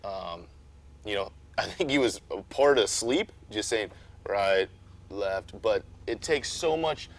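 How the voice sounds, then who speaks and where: A man talking casually as a guest about racing, easygoing and rambling, getting animated when he retells a story. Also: on the low side, slow. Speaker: off-road truck racer, guest. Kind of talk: casual chat.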